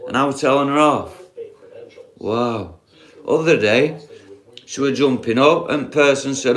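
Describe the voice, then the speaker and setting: A man's voice: mid-range voice, a little slow, fairly bright tone. A man with a broad Yorkshire accent, chatting casually on a live stream, rambling, swearing freely and often asking viewers if he's wrong. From Yorkshire, England. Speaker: livestreamer.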